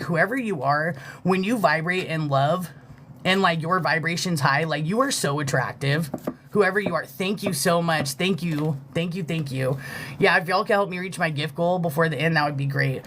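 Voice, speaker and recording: During a casual live-stream intuitive reading, a spiritual reader rambles loosely and sincerely, curses freely, says "like" constantly and stops to thank viewers for gifts. The voice is medium-pitched and a bit bright, with slight background noise.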